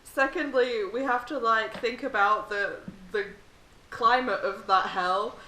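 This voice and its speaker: A woman's voice: fairly high pitch, unhurried, roomy sound, noisy background. A woman guest on a podcast, chatting casually and thinking aloud in a rambling way. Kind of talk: casual chat.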